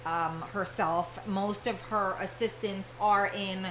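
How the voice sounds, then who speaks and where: A woman's voice: mid-range voice, steady tone, takes it slowly, fairly bright tone, roomy sound, slight background noise, rough recording. A woman hosting a live internet radio talk show, talking casually with many fillers and restarts.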